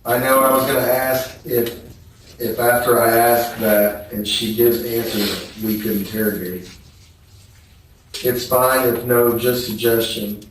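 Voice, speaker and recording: A man testifying at a trial, reading text messages aloud in a slow, subdued, flat way. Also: medium pitch, slight background noise. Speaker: trial witness. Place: courtroom. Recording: echoey courtroom from far off.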